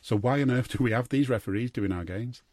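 A man's voice: mid-range voice, quick pace, darkish tone, no echo. A man, a podcast co-host talking heatedly in a rambling way, full of fillers and restarts. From Liverpool. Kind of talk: casual football podcast chat.

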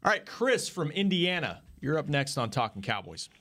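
A man hosting a sports call-in show, speaking in a measured way and bringing in callers. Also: on the high side, very animated, a bit bright. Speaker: sports radio host. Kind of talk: casual sports talk.

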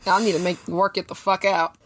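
A woman co-hosting a casual chat show, recapping a TV episode in a blunt, profane, lively way. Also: fairly low pitch, fairly quick, breathy edge, dry recording. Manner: blunt, profane, animated storytelling. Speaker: podcast co-host.

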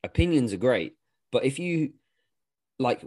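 A man's voice: medium pitch, expressive, a little slow, darkish tone. A man co-hosting a podcast, a coach talking casually and frankly with rambling asides and casual swearing. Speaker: podcast co-host and weightlifting coach.

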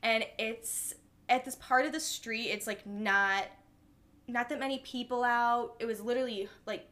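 High, bright-voiced young woman storyteller. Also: fairly even intonation, unhurried. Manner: chatty, swears casually. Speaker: podcast co-host. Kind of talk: casual storytelling chat.

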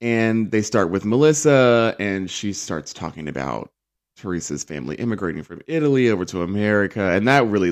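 Low-voiced male recap host, casual and sarcastic, mimics quotes. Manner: chatty and sarcastic, acts out quotes in mocking voices.

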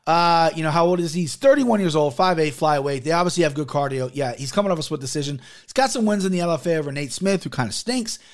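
A man's voice: a little high, fast, hardly any pauses. A man hosting his own podcast, talking casually and with a lot of swearing, telling stories and acting out the other people's lines. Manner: animated, profane, storytelling with voiced quotes. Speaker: podcast host. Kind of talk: casual solo podcast talk.

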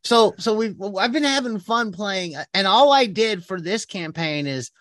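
A man co-hosting a casual tabletop gaming chat, talking in an animated, rambling way and correcting himself often. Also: high voice, unhurried, no echo, clean studio sound. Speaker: podcast co-host and game master.

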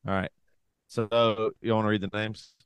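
A man's voice: on the low side, level tone, normal speed, clear, resonant tone, no echo. A man co-hosting a podcast, joking and reading out listener requests in casual banter. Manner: joking, laughs often. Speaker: podcast co-host.

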